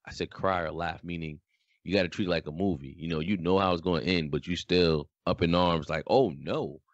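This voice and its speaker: Deep voiced guy cohosting a podcast, deadpan, dry lo-fi sound. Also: fairly quick, dry recording. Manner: deadpan, flat delivery. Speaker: podcast co-host. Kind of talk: casual chat.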